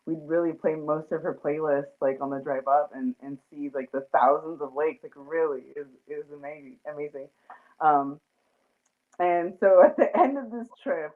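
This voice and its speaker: Her voice is low and her speed normal as this woman hosts a casual, rambling chat, heavy on fillers and laughter. The sound is tinny, as if over a phone.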